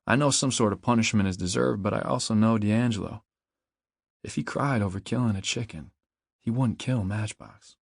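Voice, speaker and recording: A man reading his own novel in the first person, in a measured, reflective way, close to a studio mic. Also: fairly low pitch, vocal fry, husky, no echo. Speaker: audiobook narrator and author. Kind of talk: first-person audiobook narration.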